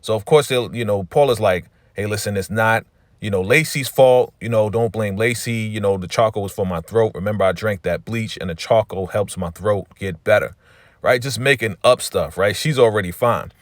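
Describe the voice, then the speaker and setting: Recap host, male, lowish voice, casual filler-heavy storytelling, dry close mic. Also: moderate pace, no echo. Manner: loose retelling, quoting characters in his own voice, many "you know"s.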